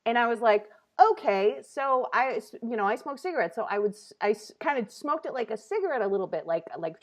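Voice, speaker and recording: An animated woman in her thirties hosts a comedy talk show and tells her story in loose, casual chat. Her voice sits a bit high, and she slips into lively voiced asides. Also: a little fast.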